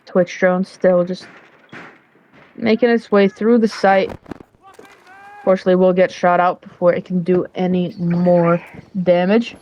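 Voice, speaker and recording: A woman's voice: on the low side, little pitch movement, measured pace, pauses often, lo-fi sound. A woman casting a live esports match, talking through the play in a chatty, casual way with frequent fillers. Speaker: esports caster.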